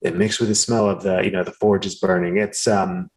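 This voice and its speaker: A man narrating as game master, halting often and filling with ums. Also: low voice, level tone, a little mellow, poor audio. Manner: halting, filler-heavy narration.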